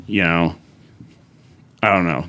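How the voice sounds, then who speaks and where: A man's voice: deep voice, steady tone, takes it slowly, bright, forceful tone. A man from South Dakota telling stories as a studio guest, rambling and leaning heavily on fillers like "uh" and "like.". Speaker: podcast guest. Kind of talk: casual storytelling.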